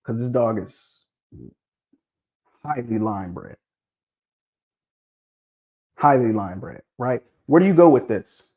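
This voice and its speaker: A mid-pitched man speaks in on a casual livestream. He is lively and keeps pressing his audience with repeated questions. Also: slow, pauses often, dull audio. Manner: animated, prodding viewers with questions, repeats himself. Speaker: livestream host discussing dog pedigrees.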